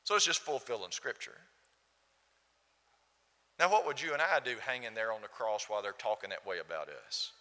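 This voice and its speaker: Preacher, male, emphatic and questioning, strained bright delivery, long church-hall echo. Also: lowish voice. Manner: emphatic, repeats rhetorical questions. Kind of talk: sermon.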